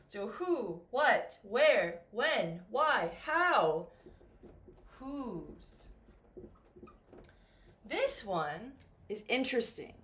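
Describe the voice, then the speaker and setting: A woman with a fairly high, very lively voice gives a beginner English lesson. She speaks slowly and carefully, stretching her intonation up and down so learners can follow. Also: slight background noise. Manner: slow, clear, exaggerated intonation for learners. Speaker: English teacher. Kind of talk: slow beginner ESL lesson.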